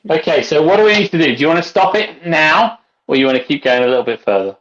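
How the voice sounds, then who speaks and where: A man co-hosting a casual video-call cocktail chat, excitable and swearing. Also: on the high side, fast, dull audio. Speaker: co-host.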